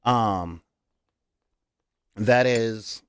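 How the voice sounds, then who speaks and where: A man's voice: lowish voice, very slow, smooth, no echo. A man hosting a casual talk about tabletop roleplaying as a game master, speaking earnestly with many hesitations and fillers.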